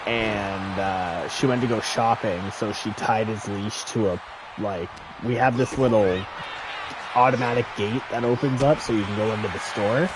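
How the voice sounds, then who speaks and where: A man streaming a game, telling stories in a casual, animated way with lots of swearing. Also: on the low side, normal speed, noisy background. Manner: animated storytelling, frequent swearing. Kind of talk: casual chat while gaming.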